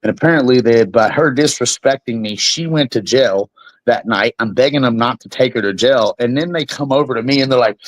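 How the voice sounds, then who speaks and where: A young man, a bare-knuckle fighter, spins a tale as an interview guest, loose and profane, with his voice sitting mid-range for a man. The sound is dry and close, with no room around it. He tells it as a casual story, animated from start to finish. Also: mid-range voice, fairly quick, no echo, rough recording.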